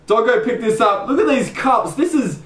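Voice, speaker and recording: A young man co-hosting a casual vlog, playful and excitable as he banters about cheap finds. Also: extremely high pitch, normal speed, distant mic. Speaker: co-host. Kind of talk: casual chat. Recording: echoey room.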